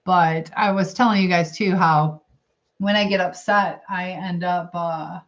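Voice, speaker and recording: Heard through dull, lo-fi stream audio, a middle-aged woman hosts a casual livestream, eating while she reads comments and rambles chattily, thinking aloud. Her voice is on the low side, fairly even in intonation, and unhurried.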